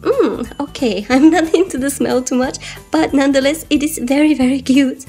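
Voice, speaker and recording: A woman's voice: sits high, moderate pace, mellow, faint music behind. A woman hosting an unboxing vlog, a little sick and slightly out of breath, giggling and gushing over each item as she draws out repeated words. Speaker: host.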